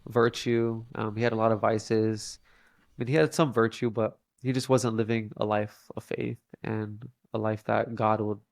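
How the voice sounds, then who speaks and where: Young man, podcast guest, halting storyteller, gravelly, dry close mic. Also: lowish voice, level tone, no echo. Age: young adult. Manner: halting, many fillers and restarts. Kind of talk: casual storytelling interview.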